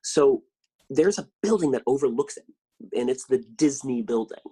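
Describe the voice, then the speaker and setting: A man talking as a podcast guest, telling animated stories and acting out the lines he quotes. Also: mid-range voice, normal speed, husky. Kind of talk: casual interview chat.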